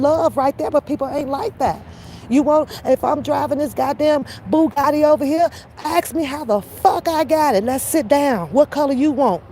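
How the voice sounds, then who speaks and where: A woman's voice: high-pitched, mellow, slight background noise. Blunt, profane woman ranting. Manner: blunt and profane, repeats phrases for emphasis. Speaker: reaction commentator. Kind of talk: casual opinion rant.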